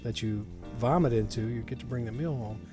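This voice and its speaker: A man's voice: mid-range voice, a little fast, music in the background. A man hosting an odd-news podcast, reading stories aloud and joking around, often laughing. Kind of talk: casual comedic chat.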